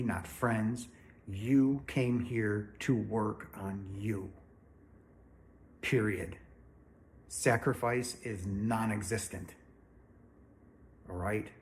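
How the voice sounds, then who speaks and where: Speaking very slowly with long pauses, a man with a lowish voice hosts his own spiritual channel from indoors at home. He addresses the viewer directly in a blunt, earnest, no-nonsense manner, and a faint hiss or hum sits under the audio.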